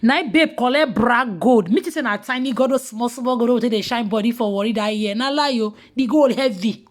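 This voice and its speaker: A woman with a Nigerian Pidgin accent telling gossip in casual commentary, mocking and animated, sometimes dropping to hushed asides. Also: fairly high pitch, a little fast. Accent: Nigerian Pidgin English.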